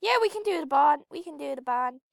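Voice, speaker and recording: Very high-voiced sarcastic girl gamer. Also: lively intonation, quick pace, gravelly, no room sound, clean studio sound. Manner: sarcastic, exclaiming, chatty. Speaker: gaming video creator. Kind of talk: live gameplay commentary.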